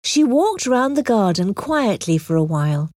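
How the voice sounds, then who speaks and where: A woman narrating an audiobook with clear, expressive storytelling. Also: medium pitch, moderate pace, dry recording.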